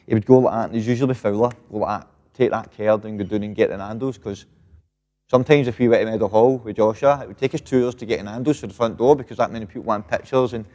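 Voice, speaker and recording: A man's voice: fairly low pitch, quick pace, darkish tone, highs cut off. A Scottish man in his thirties, a boxer chatting casually in an interview, swearing freely and tagging lines with "mate". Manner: swears freely, fills with "mate" and "know what I mean". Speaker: professional boxer, guest. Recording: long reverb.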